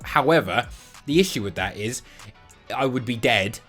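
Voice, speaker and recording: Animated, crude young man. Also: mid-range voice, normal speed, soft background music. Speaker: YouTube host. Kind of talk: comedic monologue.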